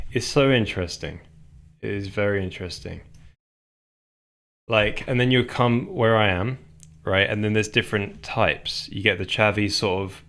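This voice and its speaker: A man's voice: lowish voice, fairly bright tone. A man chatting casually while he codes live, drifting between topics and breaking off mid-phrase. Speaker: live-coding streamer. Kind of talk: casual rambling stream chat.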